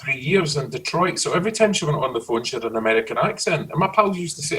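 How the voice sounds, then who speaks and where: A middle-aged Scottish man chatting casually, telling lively stories about his childhood. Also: fairly high pitch, fast talker, hardly any pauses, far from the mic, crowd noise, poor audio. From Scotland. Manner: storytelling, animated. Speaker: guest. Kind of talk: casual chat.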